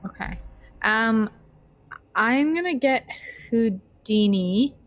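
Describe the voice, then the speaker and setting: A woman's voice: fairly high pitch, lively intonation, slow, no room sound. Tentative woman player, dry close sound. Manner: tentative, questioning. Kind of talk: casual tabletop play.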